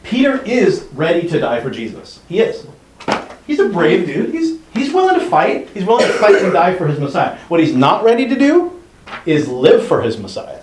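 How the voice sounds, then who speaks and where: A man's voice: high voice, huge pitch swings, normal speed, a little mellow. A man leading a group Bible study discussion, reading passages aloud and asking the group questions. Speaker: discussion leader. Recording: roomy room sound, faint noise.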